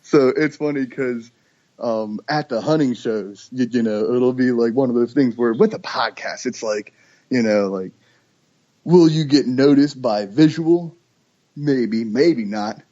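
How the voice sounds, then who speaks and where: A man, a duck call maker, chatting casually on a podcast and telling lively stories with imitated calls. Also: mid-range voice, a little slow, muffled recording. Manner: animated storyteller, imitates duck calls and voices.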